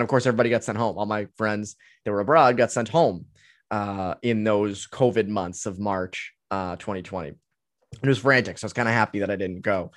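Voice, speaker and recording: Here a twenty-something sports podcast host, fairly low in pitch, chats through hockey team analysis in a loose, thinking-out-loud style heavy with fillers. The audio is studio quality with no room sound.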